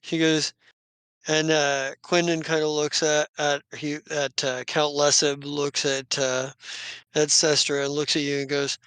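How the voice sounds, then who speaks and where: A male game master narrates a tabletop scene at a slow, halting pace, often restarting his sentences. His voice is slightly high and clear, recorded dry and close. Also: level tone, fairly bright tone, no room sound.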